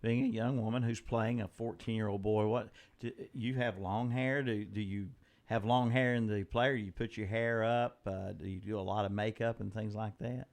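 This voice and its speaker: A man's voice: on the low side, steady tone, normal speed, hardly any pauses, a little mellow. A man hosting a community TV interview, asking questions in a folksy way with frequent restarts. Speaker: TV interview host.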